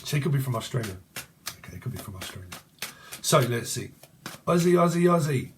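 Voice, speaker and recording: A man's voice: lowish voice, quick pace, a little hiss or hum. A man giving a casual tarot reading to camera, rambling chattily and swearing freely. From England. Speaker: tarot reader.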